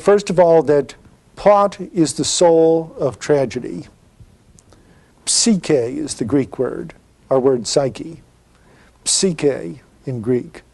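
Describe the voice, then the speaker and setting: A middle-aged man delivers a university-style literature lecture, explaining patiently and posing rhetorical questions. His voice is fairly high and a little mellow.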